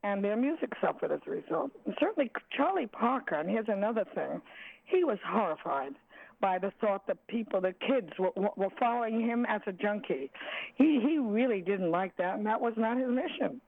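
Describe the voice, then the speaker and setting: An older woman, a jazz singer, reminiscing in an interview, halting and searching for words with many restarts. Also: mid-range voice, animated, creaky. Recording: tinny phone line.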